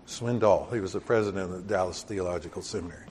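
A man from Texas preaching a Bible sermon in a conversational way, growing loud and emphatic on key points. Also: deep voice, normal speed, a little hiss or hum. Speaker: pastor.

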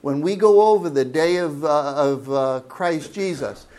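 A man preaching a sermon, asking the congregation questions and explaining Greek words with slow, drawn-out emphasis. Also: on the high side, a little mellow. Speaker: pastor. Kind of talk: sermon Bible teaching.

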